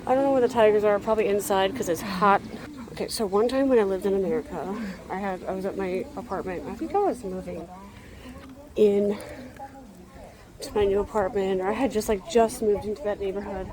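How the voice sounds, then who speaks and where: A woman's voice: medium pitch, a little fast. A young woman vlogging outdoors, holding her phone camera as she walks and talks. Her chat wanders in a rambling way, with many sighs, and she sounds worn out. Faint outdoor noise sits behind her voice. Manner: rambling, tired, sighing often. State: exhausted. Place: outdoors walking around a zoo. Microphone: handheld phone camera.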